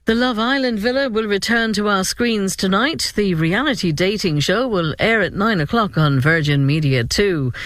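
An Irish man reading the radio news in a brisk, measured way. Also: high-pitched, expressive, a bit bright, dry recording. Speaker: newsreader.

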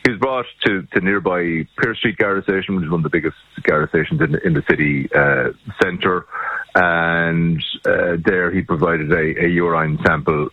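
Deep husky irish guy, stop-start, talking down a dull muffled line. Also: steady tone, no room sound. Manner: halting, with restarts. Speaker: newspaper editor. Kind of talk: phone interview.

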